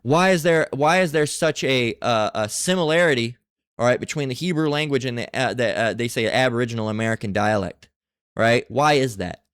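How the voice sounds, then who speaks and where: A man giving a casual scripture lesson, reading passages aloud and talking in a halting way with many fillers and restarts. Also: medium pitch, a bit bright, clear, resonant tone, dry recording, studio quality. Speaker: religious teacher.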